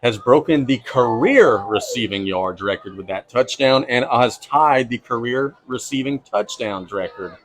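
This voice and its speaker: A man calling play-by-play for a high school football game, brisk and easygoing, chuckling now and then. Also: expressive, a little hiss or hum, low-quality recording. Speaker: play-by-play announcer.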